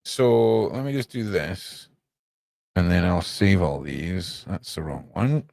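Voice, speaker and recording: A man's voice: low voice, lively intonation, takes it slowly, creaky, darkish tone, no echo. A man chatting casually on a live stream, muttering to himself as he works and tossing off playful asides.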